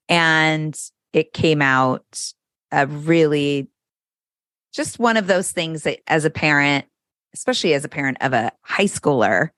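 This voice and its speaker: A middle-aged woman who works as a parenting coach guests on a podcast, talking candidly and frankly in casual conversation while swearing freely. Her voice is low with a fairly bright tone, recorded at studio quality with no echo.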